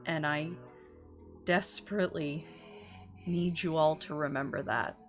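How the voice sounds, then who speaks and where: A woman voicing a motherly vampire elder woman, tender and weary, soothing and halting in a tabletop role-play. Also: deep voice, a bit bright, soft background music. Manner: soothing, halting, repeats words.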